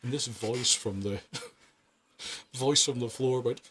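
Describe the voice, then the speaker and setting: A man in his fifties tells work stories in a bright, clear voice at an ordinary pitch. He is animated, laughs often and swears freely. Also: slow pace, slight background noise. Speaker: paramedic guest. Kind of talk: casual anecdote telling.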